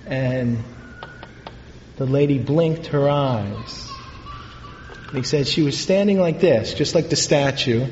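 A man, a priest, telling a story in a sermon, in an unhurried, halting way with pauses and fillers. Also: medium pitch, darkish tone, slight background noise. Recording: echoey hall, dull lo-fi sound.

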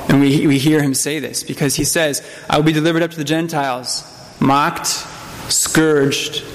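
A man as a priest reading the epistle and gospel, then preaching, in a measured, solemn manner with small slips. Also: fairly high pitch. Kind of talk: scripture reading and sermon. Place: church. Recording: long church reverb, faint room noise.

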